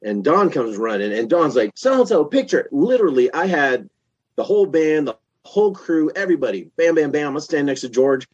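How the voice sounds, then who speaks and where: A man in his fifties, a podcast guest, telling a long story in a casual, animated way with lots of restarts. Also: fairly high pitch, brisk, husky, dry recording, dull audio. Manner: animated, chatty, many restarts.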